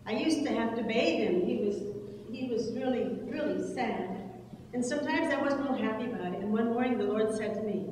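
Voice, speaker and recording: Older woman, earnest church testimony, higher voice, far-off echoey hall. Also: a little mellow, slight background noise. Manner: earnest storytelling with halting restarts. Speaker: speaker at a church service. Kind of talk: personal testimony sermon. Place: church sanctuary.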